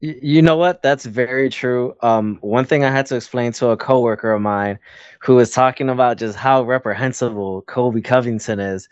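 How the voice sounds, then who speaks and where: A man's voice: mid-range voice, normal speed, clean tone, no room sound, lo-fi sound. A man on a casual sports podcast, telling stories in an emphatic way. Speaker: podcast co-host.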